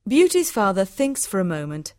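A woman giving scripted storybook narration, clear, measured and even. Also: mid-range voice, dry recording, clean studio sound.

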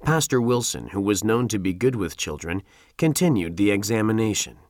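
A man narrating a classic novel as an audiobook, in a steady storytelling voice. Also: lowish voice, moderate pace, no echo, clean studio sound.

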